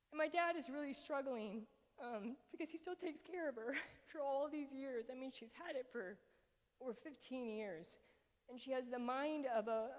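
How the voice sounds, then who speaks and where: Earnest, emotional woman in a reverberant hall. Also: fairly high pitch. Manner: earnest, emotional, many fillers and restarts. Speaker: speaker presenting to a group. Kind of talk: personal talk with slides.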